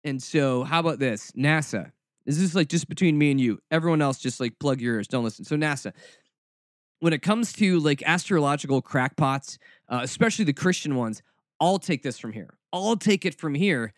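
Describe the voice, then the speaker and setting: A man's voice: fairly high pitch, animated, normal speed, no room sound, studio quality. Sarcastic man hosting a snarky podcast. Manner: sarcastic, snarky, mock-dramatic. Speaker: podcast host. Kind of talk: casual commentary podcast.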